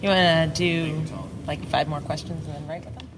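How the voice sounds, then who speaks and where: A woman moderating a convention panel Q&A, giving brief, brisk prompts. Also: sits low, steady tone. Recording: echoey hall, noisy room.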